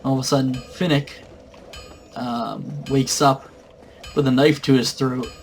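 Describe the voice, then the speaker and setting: A man's voice: medium pitch, fairly even intonation, unhurried, vocal fry, soft background music, poor audio. A man casually recounting a tabletop game session in a rambling way, full of fillers. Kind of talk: casual storytelling.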